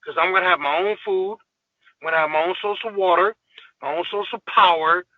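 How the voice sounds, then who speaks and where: A man's voice: high-pitched, fairly even intonation, a little fast, no room sound, narrow, tinny audio. A man guest on a podcast, ranting in a heated, profane, emphatic way in casual talk.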